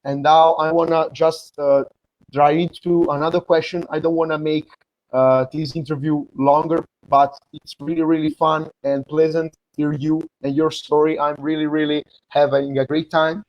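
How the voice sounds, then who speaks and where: A man from Italy with an Italian accent, hosting an interview over a video call in halting, filler-heavy English. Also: a little high, little pitch movement, no room sound, muffled recording. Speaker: host. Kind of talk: interview chat.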